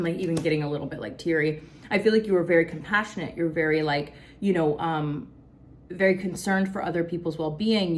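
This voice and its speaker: A woman's voice: fairly low pitch, a little hiss or hum. A woman with a Southern US accent giving a collective tarot reading, talking casually and emotionally, with lots of "like" and some cursing. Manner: emotional, casual, says "like" a lot, curses. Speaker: tarot reader.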